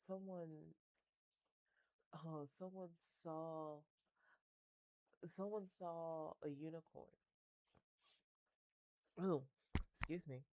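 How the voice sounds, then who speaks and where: A tarot reader giving a loose, chatty reading straight to camera, wandering between thoughts with easy laughs and offhand curses. The voice is gravelly and dark, and the sound is close and dry with no room around it. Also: mid-range voice, no echo, poor audio. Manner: rambling, chatty, with frequent laughs and casual swearing.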